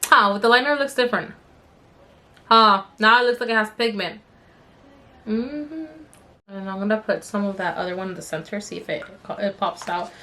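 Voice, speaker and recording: A woman's voice: medium pitch, animated, normal speed, long pauses, pushed and bright. A young adult woman vlogger telling a story in a chatty, rambling way with many fillers while doing her makeup. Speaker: beauty vlogger.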